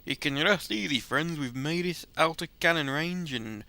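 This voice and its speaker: A man voicing a gruff, chatty male sailor in a put-on rough seafaring accent, reading game dialogue aloud in character with a folksy drawl. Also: a little high, moderate pace, sharp tone, no room sound, voice pushed up.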